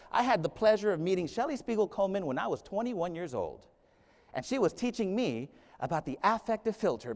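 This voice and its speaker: Animated middle-aged man rallying a hall. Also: high voice. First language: Spanish. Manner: animated, rallying the crowd, storytelling. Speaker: school leader, conference keynote speaker. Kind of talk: keynote speech. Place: large conference hall. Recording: echoing hall reverb.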